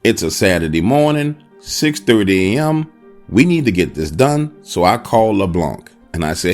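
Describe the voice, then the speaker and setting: A man's voice: fairly low pitch, sing-song, moderate pace, soft background music. A man narrating a first-person horror encounter, speaking dramatically and addressing the listener directly. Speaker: storyteller.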